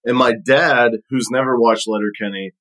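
A man's voice: mid-range voice, fairly even intonation, normal speed, a bit bright, low-quality recording. A man telling a casual story on a podcast, rambling with plenty of fillers.

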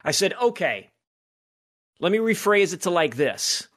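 A man's voice: high-pitched, very animated, a little slow, fairly bright tone. A man co-hosting a podcast, telling long rambling anecdotes with plenty of fillers. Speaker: podcast co-host. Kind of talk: casual sports chat, storytelling.

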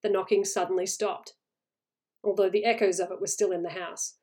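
A woman reading a horror short story aloud in a measured, suspenseful way. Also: medium pitch, level tone, a little mellow.

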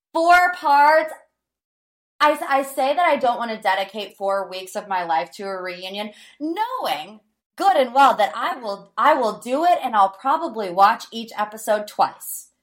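A woman hosting a podcast in a casual gossip chat, animated, dramatic and sarcastic. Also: on the high side. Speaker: podcast host.

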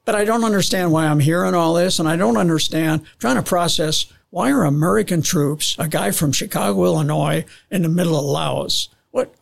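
A man's voice: a little high, fairly quick, vocal fry, hardly any pauses. An older man, a guest on an interview show, telling a long story with restarts and acting out radio calls. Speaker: guest, veteran pilot.

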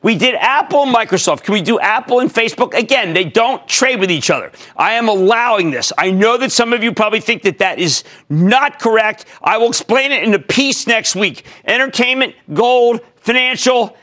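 Excitable older guy hosting a market call-in show, sharp bright voice. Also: high-pitched. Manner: excitable, emphatic, rapid-fire. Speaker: TV stock market show host. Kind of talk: energetic finance call-in show.

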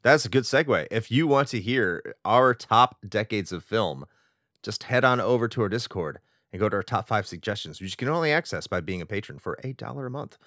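A man's voice: lowish voice, lively intonation, a little fast, a bit bright, no echo, clean studio sound. A man hosting a retro gaming podcast, talking in a playful, wordy, alliterative way. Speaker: podcast host. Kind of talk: casual podcast chat.

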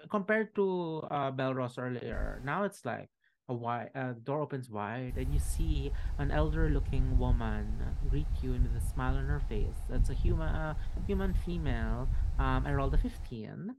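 A man's voice: medium pitch, lively intonation, moderate pace, background noise. A man narrates a tabletop game as its game master. He rambles, stops and restarts, and fills his sentences with ums and uhs. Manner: rambling with many fillers.

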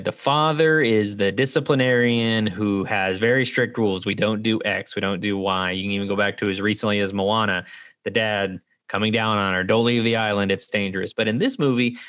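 Animated man reviewing a film. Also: fairly low pitch. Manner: animated, acts out quoted characters. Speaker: podcast co-host. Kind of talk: casual movie review chat.

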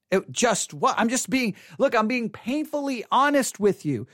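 A man giving an earnest personal testimony to an audience, repeating words and swinging between quiet and emphatic delivery. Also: very high-pitched, very animated, normal speed, few pauses, dry recording, studio quality. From Texas. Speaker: speaker addressing an audience.

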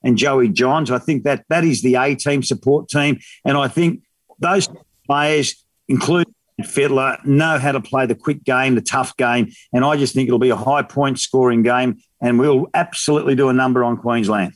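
A man's voice: mid-range voice, normal speed, no room sound. A man in his fifties with an Australian accent, chatting casually as a guest and telling stories with slang and laughter. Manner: animated storyteller, slangy and laughing. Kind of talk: casual radio chat.

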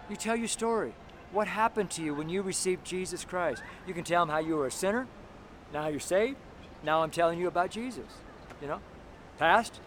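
A tired man preaching loudly and bluntly on a city street, speaking to passers-by. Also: high voice. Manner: loud, blunt and fervent, talking to passers-by. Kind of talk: outdoor street sermon. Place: city street with walls around. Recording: faint city street noise. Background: traffic and street noise.

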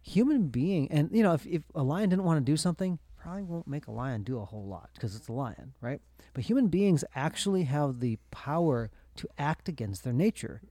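A man's voice: a little high, lively intonation, a little fast, mellow, dry recording. A man co-hosting a podcast, talking casually and thinking aloud with lots of fillers. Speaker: podcast co-host.

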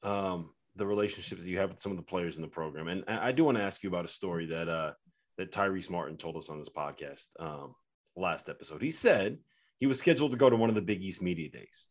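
A man hosting a podcast, asking his guest questions in a measured, conversational way. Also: sits low, animated. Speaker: podcast host. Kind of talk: interview questions.

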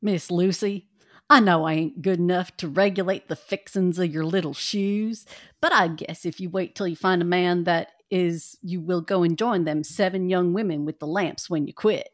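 An earnest, gallant young cowboy courting a lady, as a woman puts him on. His drawl is folksy, and the voice sits a little low and close in a dry, dead room. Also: fairly even intonation, moderate pace, dry recording, lightly acted.

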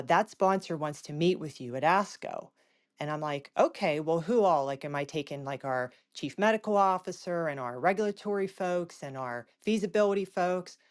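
Low-voiced woman telling an animated story. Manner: animated storytelling, acting out voices with quick pitch jumps. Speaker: patient advocate. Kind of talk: storytelling in a panel discussion.

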